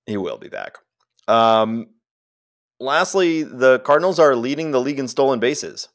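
A man's voice: mid-range voice, big pitch swings, measured pace. A man co-hosting a sports podcast, chatting casually and laughing easily. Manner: laughs easily, loose and joking. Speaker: podcast co-host.

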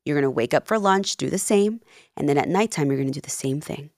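Woman, 30s, low register, animated storyteller acting out dialogue, dry close sound. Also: quick pace, no room sound. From Peru and New Jersey. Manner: animated, acts out quoted dialogue. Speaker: podcast guest, life coach. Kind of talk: casual interview storytelling.

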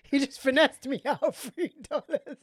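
A woman's voice: sits high, normal speed, dry recording, studio quality. A woman with a London accent, a podcast co-host chatting casually and acting out the dialogue in her stories. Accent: London English. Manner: animated storytelling, acts out dialogue. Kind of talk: casual chat.

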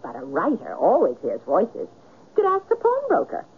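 A probing, insistent woman who sounds very husky and swings widely up and down in pitch. She comes through a narrow, phone-like old radio broadcast. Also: wildly swooping pitch, normal speed, exaggerated voice. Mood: curious. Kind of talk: 1970s radio drama acting.

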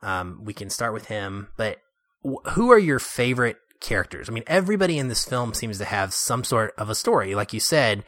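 A man co-hosting a casual movie discussion, animated and laughing often as he acts out quotes. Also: lowish voice, a little fast, no room sound. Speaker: podcast co-host.

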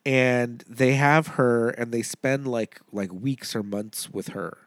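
A man's voice: medium pitch, fairly even intonation, slow pace, dry recording. Podcast co-host, male, loose chatty delivery full of fillers, dry studio sound. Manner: rambling, many fillers, laughs often. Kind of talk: casual movie podcast chat.

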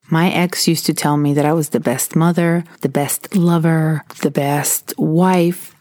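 A woman's voice: low voice, a little mellow, no echo, studio quality. A woman talking earnestly and candidly, sharing her own experiences as advice. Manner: earnest and candid, recounting personal stories. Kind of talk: personal advice talk.

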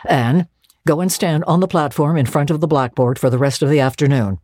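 A woman's voice: sits low, a little fast, dark tone, no echo. A woman voicing a stern, pompous male schoolmaster who scolds in a solemn, clipped tone.

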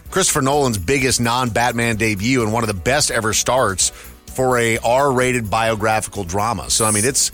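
A man's voice: medium pitch, moderate pace, fairly bright tone, soft background music. A man hosting a radio show segment with upbeat game-show patter. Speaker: radio host.

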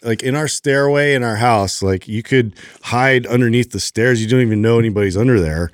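A man's voice: mid-range voice, fairly quick, smooth, no room sound. A man co-hosting a fitness podcast, telling a story in a rambling casual way, full of filler words, on a studio mic. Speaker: podcast co-host. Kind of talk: casual chat.

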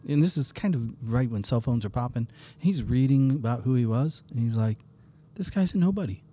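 A man hosting a podcast, chatting casually and telling an animated, swear-laced story. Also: mid-range voice, brisk. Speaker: podcast host. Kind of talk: casual chat and anecdote.

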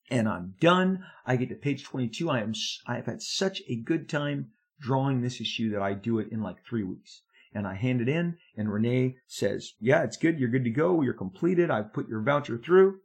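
A man in his fifties, a comic book artist telling a story from his career in an animated, emphatic way that speeds up when he gets excited. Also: medium pitch, breathy edge. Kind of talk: storytelling monologue.

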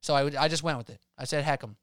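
Smooth-voiced man, emphatic betting picks. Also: a little high, steady tone, fairly bright tone, dry recording, clean studio sound. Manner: emphatic, rapid-fire opinions. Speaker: sports betting podcast co-host. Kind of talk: casual sports betting chat.

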